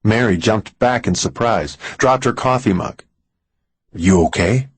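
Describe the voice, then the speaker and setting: A man narrating a suspense audiobook in a measured way, slowing down for tense moments. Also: medium pitch, dry recording, poor audio. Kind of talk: scripted narration.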